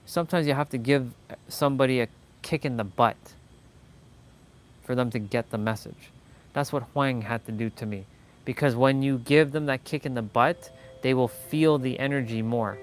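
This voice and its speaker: A man's voice: mid-range voice, moderate pace, soft background music. A man hosting a motivational livestream, talking in a blunt, rambling way with many restarts and fillers. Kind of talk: casual live-stream monologue.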